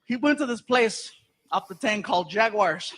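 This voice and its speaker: A man from Los Angeles telling an animated stand-up story live on stage, often laughing through his own punchlines. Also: sits high, normal speed, heavy background noise. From Los Angeles, USA. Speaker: stand-up comedian. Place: comedy stage before a live audience.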